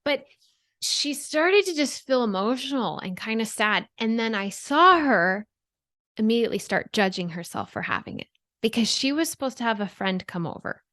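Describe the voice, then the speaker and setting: A woman's voice: fairly high pitch, lively intonation, normal speed, a bit bright, no room sound, studio quality. A woman in her thirties, a guest expert on a podcast, explaining in an earnest way and often checking in with "right?". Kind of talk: podcast interview.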